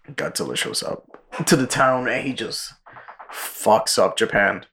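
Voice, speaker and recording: Low-voiced man retelling a movie plot. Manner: profane, animated storytelling with quick character impressions. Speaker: podcast co-host.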